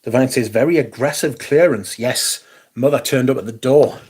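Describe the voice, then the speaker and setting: Husky guy on a stream reading chat out, sarcastic and sweary. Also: medium pitch, moderate pace, a little mellow. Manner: sardonic, sweary, reads viewer comments aloud. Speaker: livestream host reading chat. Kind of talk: casual chat.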